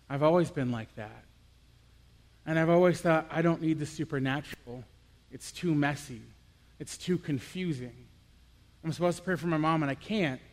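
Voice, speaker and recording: A young man with a high, light voice preaches a personal, confessional sermon, shifting from hushed reflection to animated storytelling. His voice carries a long reverb, as if in a large hall. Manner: earnest, confessional, swings from quiet to animated.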